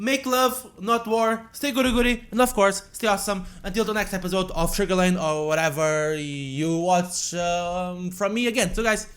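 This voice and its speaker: A man's voice: sits high, a bit bright. A young man hosting a gaming channel, reading a story game aloud dramatically and adding casual asides.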